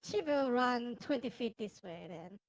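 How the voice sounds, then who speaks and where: A woman's voice: a little high, expressive, unhurried, no room sound, low-quality recording. A woman playing a tabletop game, talking casually and often restarting her sentences. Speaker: player.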